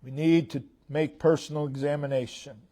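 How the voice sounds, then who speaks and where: An American man preaching a sermon, slow and emphatic, repeating short phrases and swinging between loud declarations and hushed tones. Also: on the high side, steady tone.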